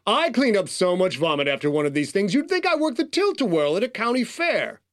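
A man's voice: on the high side, sing-song, moderate pace, creaky. A man voicing a cultured, buttery-voiced male satyr butler with a prissy, put-upon manner. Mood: peeved.

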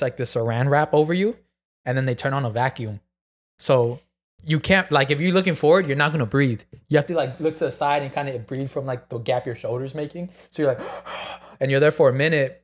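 A man's voice: mid-range voice, quick pace. Guy telling a crazy story casually, gasps and acts out what people said, curses a lot. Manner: animated storytelling, acts out gasps and quotes, swears freely. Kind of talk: casual chat.

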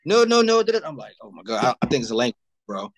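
A man's voice: medium pitch, big pitch swings, racing, breathy edge. A man on a podcast, telling stories in a laid-back, profane, casual way. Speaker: podcast co-host. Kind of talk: casual chat.

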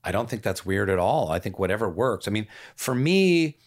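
A man with a slightly low voice chats casually as a podcast co-host. His talk is reflective and gently playful, often trailing off into soft asides. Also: sing-song, normal speed. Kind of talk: casual conversation.

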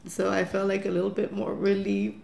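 A woman's voice: medium pitch, flat delivery, fairly quick, creaky. A woman in her fifties candidly recounting a family story in an interview, laughing often and restarting sentences. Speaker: mother telling family story. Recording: echoey room with soft guitar music.

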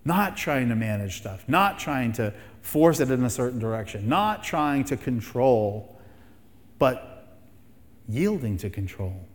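A man's voice: mid-range voice, sing-song, a little slow, in a large hall. A man preaching a sermon as pastor, emphatic and fond of rhetorical questions and repeated phrases.

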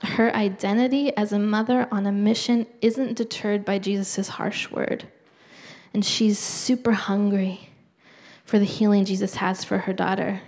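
Woman preaching with a gravelly edge. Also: mid-range voice, flat delivery, unhurried, darkish tone. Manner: earnest, conversational with fillers. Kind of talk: sermon.

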